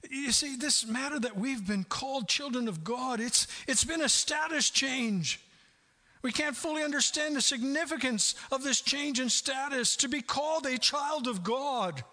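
Bright, animated male preacher. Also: very high-pitched, moderate pace. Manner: animated, laughing, acts out quoted voices. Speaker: pastor. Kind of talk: sermon.

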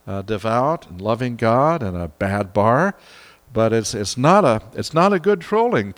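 A man's voice: mid-range voice, long reverb tail. A preacher, an older man, giving a sermon in a folksy, chuckling way with many fillers. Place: church.

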